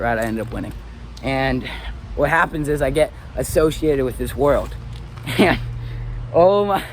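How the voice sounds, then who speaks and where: A young man from Arizona in his twenties tells his life story as a motivational speaker, animated and swearing freely. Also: high voice, a little hiss or hum. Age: 20s. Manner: animated and swearing, rising to excited peaks. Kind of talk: personal story monologue.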